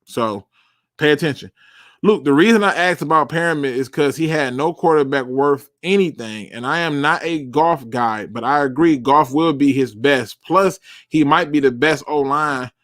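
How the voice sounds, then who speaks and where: A man's voice: fairly high pitch, moderate pace, a bit bright, dry recording, clean studio sound. A young man hosting a live sports talk show, bluntly answering chat questions and repeating words for emphasis.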